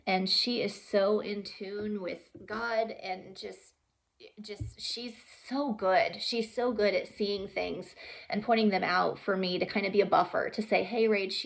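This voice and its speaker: A young woman talking earnestly and haltingly about her own experience, with many pauses and fillers and some softly whispered words. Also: medium pitch, creaky. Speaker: vlogger sharing her story. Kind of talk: emotional personal storytelling.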